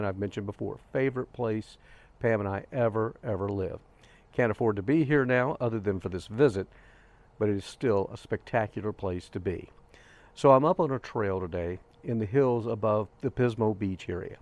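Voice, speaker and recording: An older man hosting a grief vlog, telling a personal story in an earnest, gentle way with soft pauses. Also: lowish voice. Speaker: grief podcast host. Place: outdoors on a hiking trail.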